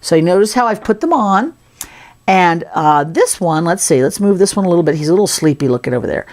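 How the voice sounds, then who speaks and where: A woman's voice: lowish voice, sing-song, quick pace, darkish tone. A woman giving a casual, playful sculpting tutorial, chatting as she works. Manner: chatty, playful, talks while working. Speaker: sculpting instructor.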